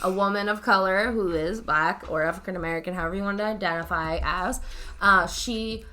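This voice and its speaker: A woman's voice: medium pitch, brisk, sharp tone. A woman, a special needs teacher co-hosting a casual podcast, talking bluntly and cursing freely. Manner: blunt, profane, ranting. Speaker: podcast co-host. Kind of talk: casual chat.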